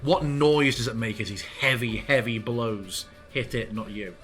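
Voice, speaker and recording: A man acting as game master, narrating combat in a relaxed, playful way. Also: mid-range voice, a little slow, faint music behind. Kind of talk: running a tabletop game online.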